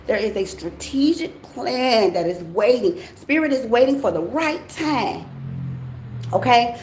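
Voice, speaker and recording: A woman's voice: lively intonation, unhurried, darkish tone. A woman giving a casual tarot reading straight to her viewers. She is blunt, swears freely and keeps it playful. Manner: blunt, profane, playful, addresses viewers directly; acts out quoted voices in a much higher pitch. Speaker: tarot reader. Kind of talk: casual spiritual reading monologue. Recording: roomy echo with faint background noise.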